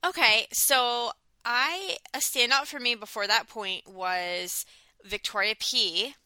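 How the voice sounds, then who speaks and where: A woman in her thirties chats casually on a podcast, her voice very bright and forward. She talks in a loose, rambling way, full of fillers and quick restarts. The sound is dry and close, with no room around her. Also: a little high, smooth, dry recording. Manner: chatty, many "like" fillers and restarts. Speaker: podcast co-host. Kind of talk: casual chat reviewing a dating show.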